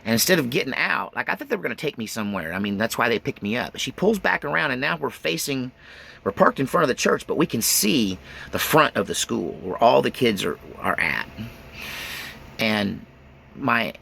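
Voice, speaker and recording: A man in his forties telling his life story in an animated, rambling way. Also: medium pitch, moderate pace, gravelly, breathy edge.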